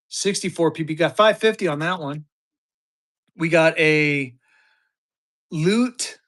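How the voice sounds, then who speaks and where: A man in his fifties, from Colorado, hosting a live-stream auction and chatting excitedly with his viewers, cursing now and then. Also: on the high side. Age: 50s. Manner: excitable, chatty, mild cursing, hypes items to chat. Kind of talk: casual live-stream selling.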